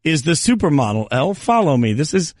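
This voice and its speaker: Playful fill-in sports radio host, man, slightly higher voice, dry close mic. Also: sing-song, fairly quick, no echo. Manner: playful, self-mocking, rambling. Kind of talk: joking sports radio chat. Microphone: studio mic.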